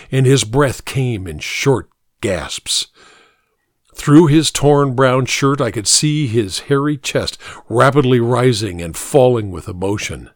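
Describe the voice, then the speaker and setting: A man reading a first-person suspense story aloud in a measured, dramatic way. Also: medium pitch, no echo, clean studio sound. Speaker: narrator.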